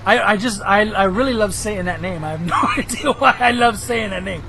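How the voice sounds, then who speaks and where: A hoarse man giving rambling, excitable commentary over his own gameplay footage, now and then bursting into shouts. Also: sits high, fairly quick, background noise. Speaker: gameplay video host.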